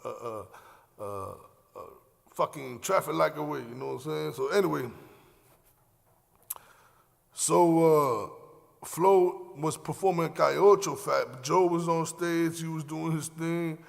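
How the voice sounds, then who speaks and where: A man's voice: fairly high pitch, a little slow, gravelly, long pauses. A young man telling loose, profane stories on his podcast, rambling with lots of fillers. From Miami, Florida. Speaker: podcast host. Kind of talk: casual storytelling. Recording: long hall reverb.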